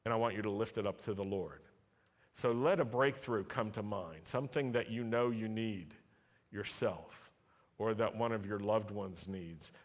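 Guy pastor leading prayer, kinda low voice, slow n steady, big hall echo. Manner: leads call-and-response prayer, slow and deliberate. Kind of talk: sermon with congregational prayer. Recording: long hall reverb.

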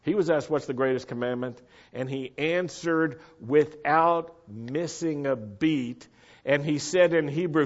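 An American man preaching a sermon, earnest and emphatic, slowing down to stress his key points. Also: fairly high pitch, muffled recording.

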